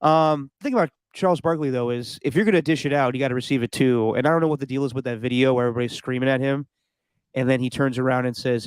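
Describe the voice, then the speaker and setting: Smooth-voiced man in casual sports chat. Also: medium pitch, quick pace, no echo. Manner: opinionated, laughs often, does mock impressions. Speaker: podcast co-host.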